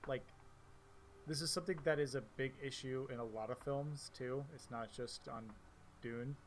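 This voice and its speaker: A young man in a casual podcast chat, talking in an animated, exasperated way and swearing. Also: mid-range voice, moderate pace, a little hiss or hum.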